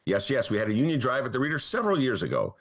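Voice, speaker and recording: A man's voice: medium pitch, wildly swooping pitch, racing. A man hosting a comedic political talk show from his apartment, sarcastic and mocking. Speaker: host and newspaper columnist. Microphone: headphones and mic.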